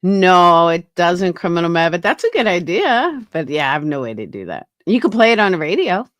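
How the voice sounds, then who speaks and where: A woman's voice: on the low side, sing-song, brisk, dry recording. Blunt, profane woman livestreamer. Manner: blunt, profane, answers chat. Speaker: livestream host. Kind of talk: casual livestream rant.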